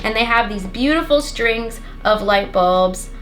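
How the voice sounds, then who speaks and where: A woman's voice: fairly high pitch, measured pace, fairly bright tone, soft background music. A young woman recapping a movie in a rambling, sarcastic comedy style, swearing constantly. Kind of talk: profane comedic plot recap.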